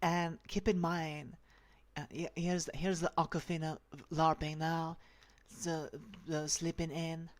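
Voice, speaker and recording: A vlogger speaking in a slightly raspy feminine voice with a dry, sore throat, rambling and halting through a casual rant. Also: mid-range voice, flat delivery. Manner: halting, full of restarts and fillers, profane.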